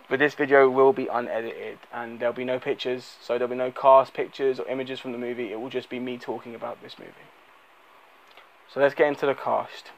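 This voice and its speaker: A man's voice: mid-range voice, creaky, rough recording. Rambling man talking through a movie review. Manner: rambling, many fillers and restarts. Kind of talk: unscripted spoken movie review.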